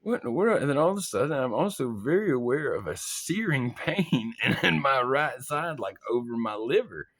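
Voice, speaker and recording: Gravelly, animated man telling a story. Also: mid-range voice, moderate pace, few pauses. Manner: animated, laughing, swearing, acts out his own panicked thoughts. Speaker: vlogger. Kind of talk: casual storytelling.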